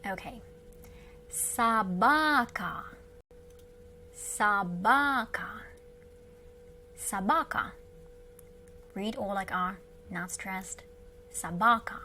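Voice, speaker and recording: A patient woman with a Russian accent leads a beginner language lesson at a very slow, careful pace. Her voice is bright and a little high, and she says each word several times. A faint hum sits under the recording. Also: very animated.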